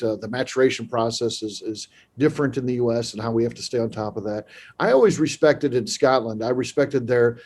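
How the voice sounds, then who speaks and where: A man's voice: mid-range voice, darkish tone. A man hosts a podcast interview in a mid-range voice. He sounds enthusiastic and often repeats words while he gathers his thoughts. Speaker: podcast host. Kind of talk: casual interview chat.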